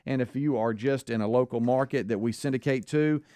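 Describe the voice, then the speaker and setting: A man's voice: medium pitch, fairly quick, warm tone, dry recording, studio quality. A man co-hosting a talk radio show, rambling casually through a sponsor plug with many fillers and restarts. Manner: loose, filler-heavy delivery with frequent restarts. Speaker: radio co-host. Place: radio studio.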